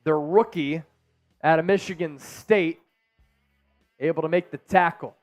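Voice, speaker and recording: Guy with a high voice doing hype play-by-play on a stream, dry close sound, faint music behind. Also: measured pace, no room sound. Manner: energetic, hyped fan banter. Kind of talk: excited live play-by-play commentary and chat shout-outs.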